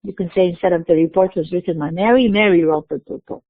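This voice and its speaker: A woman giving a recorded university lecture, explaining slowly and mixing in terms. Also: fairly low pitch, no echo. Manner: explains slowly, spelling out letters, slipping into Arabic terms. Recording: dry tinny phone-like recording.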